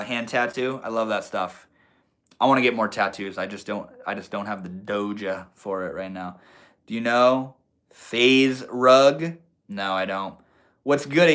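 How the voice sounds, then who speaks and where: Young man, bright voice, casual slangy live stream chat, sitting at his computer, relaxed. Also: mid-range voice. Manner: laid-back, slangy, reads chat aloud. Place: indoors at a computer.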